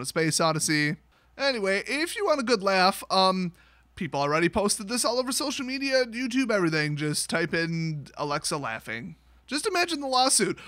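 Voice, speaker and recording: A man's voice: high voice, big pitch swings, brisk, bright, forceful tone, dry recording, clean studio sound. A man hosting a comedic news rant, sarcastic, often laughing and acting out quotes. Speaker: host.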